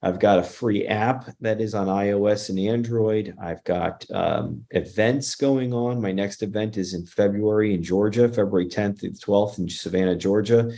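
A man's voice: lowish voice, moderate pace, creaky, few pauses, warm tone. A man talking earnestly as a guest about spirituality and his paranormal work, with many restarts. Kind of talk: casual interview chat.

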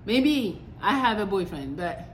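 A woman's voice: medium pitch, very animated, unhurried, a little hiss or hum. A young adult woman hosting a podcast, talking in a blunt, exasperated, profane casual monologue. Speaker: podcast host. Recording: echoey room with faint ambience.

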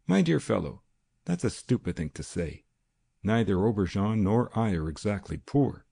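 A man's voice: fairly low pitch, big pitch swings, moderate pace, vocal fry, mellow, breathy edge, heavily acted. A man voicing a bold, aggressive schemer who talks with blustering sarcasm. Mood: sarcastic.

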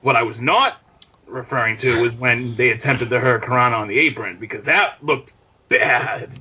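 Bright, blunt man with husky edge. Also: medium pitch, moderate pace, dull audio. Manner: blunt, opinionated. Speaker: podcast co-host. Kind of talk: casual wrestling podcast chat.

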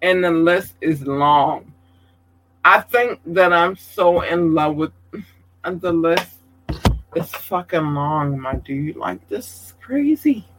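Slow, bright-voiced effusive man. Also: a little high, expressive, slight background noise, rough recording. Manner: effusive, calls viewers babies, swears casually. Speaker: content creator giving shout-outs. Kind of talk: casual livestream chat.

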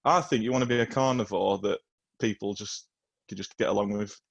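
A man's voice: on the low side, fairly even intonation, brisk, gravelly, no room sound. A young man chatting on a casual podcast, hesitant and trailing off as he thinks aloud. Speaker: podcast co-host.

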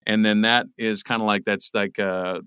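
A man's voice: lowish voice, level tone, moderate pace, sharp tone, smooth, no room sound. Rambling man in a dry room. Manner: rambling, many restarts and repeated words. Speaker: voice actor guest. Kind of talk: casual interview chat.

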